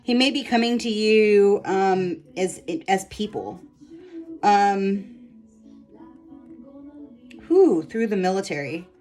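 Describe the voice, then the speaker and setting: A woman leading a guided energy healing session, gently instructing a client and meandering with many ums and likes. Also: mid-range voice, takes it slowly, pauses often, soft background music, rough recording. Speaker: spiritual energy healer.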